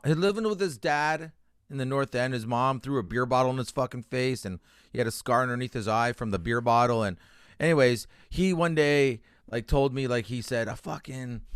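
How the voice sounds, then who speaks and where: A man's voice: mid-range voice, smooth, no room sound. A Canadian man telling a personal story on a radio show, his voice open and emotional, with frequent swearing and broken-off restarts. He sounds close and dry, with no room around him. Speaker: comedian guest. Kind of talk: candid interview storytelling. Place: radio studio.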